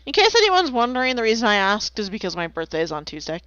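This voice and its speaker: A woman's voice: a little high, sing-song, fast talker, a bit bright, clear, resonant tone, dry recording. A woman streaming while she draws, chatting casually and playfully, rambling and making silly noises. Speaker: streamer drawing commissions. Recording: slightly dull lo-fi, dry.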